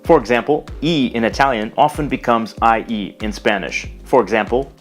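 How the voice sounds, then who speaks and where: A man narrating a scripted language lesson, explaining carefully and slowing down to pronounce example words. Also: mid-range voice, soft background music. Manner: measured, explanatory, slows to pronounce foreign words. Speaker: language teacher.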